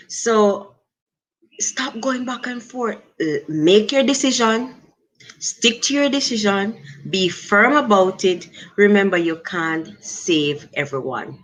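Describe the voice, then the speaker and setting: A middle-aged woman with a Jamaican accent talks to her livestream audience. She speaks slowly and thoughtfully, in a voice a little on the low side, and stops now and then to thank viewers. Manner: unhurried, reflective, thanks viewers warmly. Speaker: livestream host. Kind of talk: casual livestream talk to chat.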